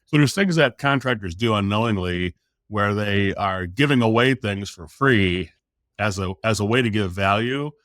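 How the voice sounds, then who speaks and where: This middle-aged man, a podcast guest, spins a casual story at a moderate pace and performs each quote with animation. He speaks in a lowish voice. It's a dry, clean studio recording.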